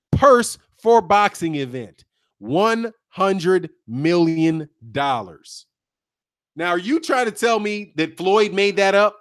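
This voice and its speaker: A man hosting a boxing channel stream, chatty and animated, talking straight to his viewers and laughing often. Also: sits high. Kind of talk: live-stream boxing commentary.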